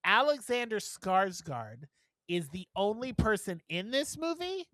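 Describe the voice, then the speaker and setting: A man co-hosting a podcast, chatting casually in a blunt, profane, animated way. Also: sits high, measured pace, no echo. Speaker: podcast co-host. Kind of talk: casual chat.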